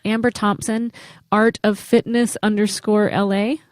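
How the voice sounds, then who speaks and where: A woman's voice: medium pitch, flat delivery, measured pace, dry recording. A woman co-hosting a comedy podcast, chatty and wry as she reads out news items. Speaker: podcast co-host. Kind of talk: casual comedic banter. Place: podcast studio.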